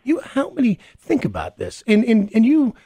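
A man hosts the chat in an earnest tone and keeps stammering through restarts. His voice is raspy and gravelly, and his pitch moves a lot. He grew up in the American Midwest. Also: huge pitch swings, normal speed, mellow. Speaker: host. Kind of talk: casual chat.

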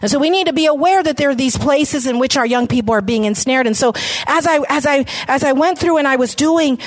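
A woman's voice: high voice, brisk. A middle-aged woman giving an impassioned faith testimony to an audience, often repeating phrases for emphasis. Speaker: ministry founder speaking to an audience. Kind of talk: testimony talk.

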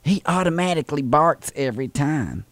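A man's voice: fairly high pitch, animated, normal speed, a bit bright, dry recording. A man voicing a chatty older southern woman making a prank phone call, with a folksy Southern drawl. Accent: American Southern.

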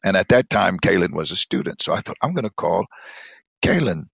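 Man, bishop, gravelly low voice, emotional storytelling, dull dry lo-fi sound. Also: sing-song, a little fast, no echo. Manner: emotional storyteller, voice drops low and soft at moving moments. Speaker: church bishop. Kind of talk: personal testimony in conversation.

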